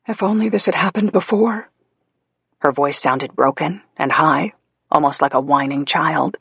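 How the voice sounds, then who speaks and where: A man narrating a psychological thriller audiobook in a measured storytelling manner, voicing the characters as he goes. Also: mid-range voice, gravelly, a bit bright, no room sound. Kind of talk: scripted narration.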